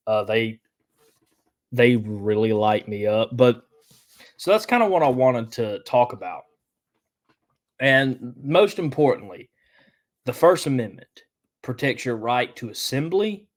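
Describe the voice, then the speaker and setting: A young man, stuffy from allergies, hosting a solo podcast in a halting, stop-and-start way. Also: mid-range voice, animated. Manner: halting, many restarts and fillers. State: congested from allergies. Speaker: podcast host. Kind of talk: casual solo podcast commentary.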